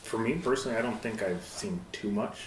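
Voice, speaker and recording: A man with a lowish voice speaks as a guest on a casual podcast. He talks thoughtfully and haltingly, often restarting his sentences. The recording is roomy, with faint background noise.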